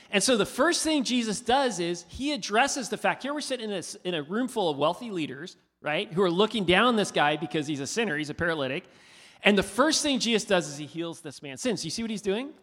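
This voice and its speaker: A man preaching a sermon, asking his listeners questions in an animated, conversational way. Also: sits high. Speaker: pastor. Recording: hall reverb.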